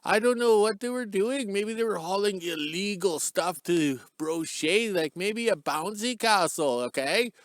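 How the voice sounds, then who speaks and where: A man's voice: sits high, unhurried, few pauses, dry recording. A middle-aged man rambling off the cuff outdoors in a joking, chatty vlog intro, filming himself on a stick. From Canada. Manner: joking, chatty, wanders off topic. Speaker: vlogger, channel host. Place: outdoors in cold sun. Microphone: handheld camera on a stick.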